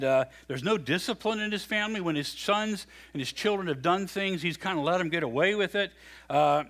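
A man preaching in a conversational, animated way, retelling a story with frequent restarts. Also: high voice. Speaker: pastor. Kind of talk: storytelling sermon.

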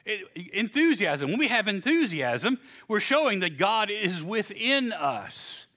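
An older man, a pastor, preaching an animated sermon, acting out little voices and laughing at his own stories. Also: high-pitched, unhurried.

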